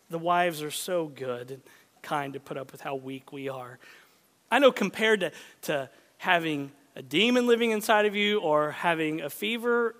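A male pastor preaching a sermon, self-deprecating and conversational, dropping to hushed whispers for emphasis. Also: sits high. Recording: long hall reverb.

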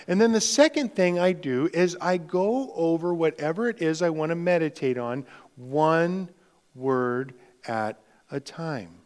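A man preaching a sermon with slow, emphatic delivery, dropping into hushed tones for emphasis. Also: on the high side, animated. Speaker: pastor.

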